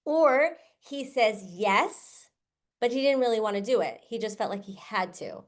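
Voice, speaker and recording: A woman's voice: a little high, expressive, unhurried. A woman hosting a podcast, talking earnestly in a casual advice style and acting out quoted lines as she explains. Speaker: podcast host.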